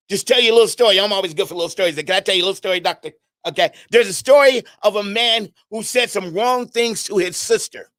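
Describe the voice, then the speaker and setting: A middle-aged man giving an animated, preaching-style talk on an internet radio show, firing questions at his listeners and often repeating and restarting his words. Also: high voice, no room sound, studio quality. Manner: animated, conversational, asks the audience questions.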